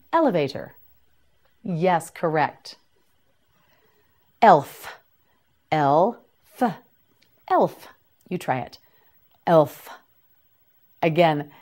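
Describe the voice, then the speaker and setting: A woman leads a scripted vocabulary lesson for beginners, sounding each word out with patient, deliberate care. Her voice sits a little low, and she moves at an unhurried, drawn-out pace. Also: a little mellow. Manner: slow, careful, repeats each word for learners to echo. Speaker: English teacher.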